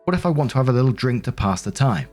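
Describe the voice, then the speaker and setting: A man's voice: mid-range voice, very animated, fast, a little mellow, faint music behind, lightly acted. A man voicing a self-pitying, defensive middle-aged mother who complains in a whiny, indignant, sarcastic way.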